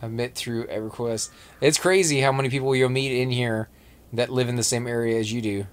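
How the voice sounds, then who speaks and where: A man's voice: medium pitch, fairly even intonation, fairly quick, clean tone. A man with a Texan accent, chatting casually with friends while streaming an online game, rambling and restarting his sentences. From Texas. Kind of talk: casual gaming chat.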